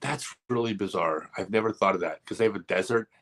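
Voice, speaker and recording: A man hosting a casual live stream, telling rambling, animated stories full of asides. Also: on the low side, fairly quick.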